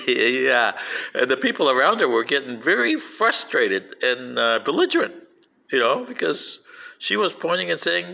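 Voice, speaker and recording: Gravelly older man telling animated stories. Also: medium pitch, unhurried. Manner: storytelling with lively quoted voices. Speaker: vlogger playing an alien commentator. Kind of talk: rambling anecdotal monologue.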